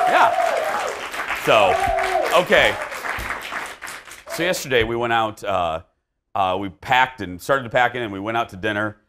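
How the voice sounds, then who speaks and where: A man's voice: medium pitch, a bit bright, a little hiss or hum. A man hosting a talk show, telling a story in casual chat and acting out the dialogue.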